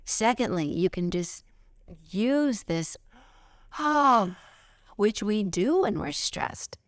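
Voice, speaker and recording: A middle-aged woman giving a spiritual lesson outdoors, expressive, jumping from high excited bursts to soft whispers. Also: takes it slowly, no room sound, studio quality. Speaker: spiritual teacher.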